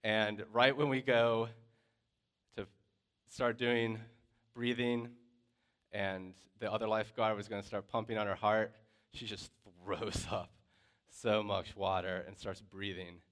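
Casual instructor, male, clear resonant voice, storytelling with lots of fillers. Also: on the low side, slow pace, pauses often. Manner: lively storyteller, loose and conversational with many fillers. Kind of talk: personal story told to a class.

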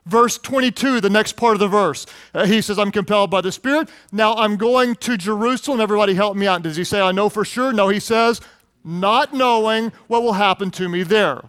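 A middle-aged man preaching with a fairly high, bright-edged voice, close and dry with no room sound. He tells stories in an animated way and jumps into excited quoted voices. A pastor's sermon delivery. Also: a little fast, clear, resonant tone, no room sound.

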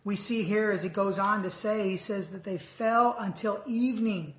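A preacher giving an earnest sermon, reading scripture aloud slowly and deliberately. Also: mid-range voice, roomy sound.

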